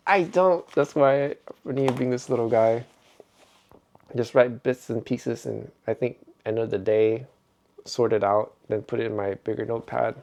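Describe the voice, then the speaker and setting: A man's voice: medium pitch, flat delivery, a little slow, creaky, warm tone. A middle-aged man vlogging in a rambling, reflective way, chuckling often as he talks. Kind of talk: casual vlog monologue.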